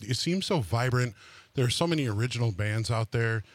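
A man's voice: medium pitch, lively intonation, fairly quick, dry recording. Dry-sounding talk radio man. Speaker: radio show host. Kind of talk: casual radio chat.

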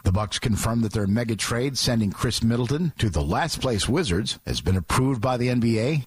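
A man reading a radio sports report with a lively newsreader delivery from a studio. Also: on the low side, breathy edge, dry recording. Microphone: studio mic.

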